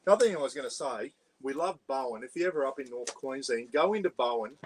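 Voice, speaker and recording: A man's voice: mid-range voice, animated, fast, slight background noise, low-quality recording. A man with an Australian accent, hosting a rambling, casual livestream chat from his caravan. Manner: rambling and chatty, often saying "bloody". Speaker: vlog host. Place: parked caravan.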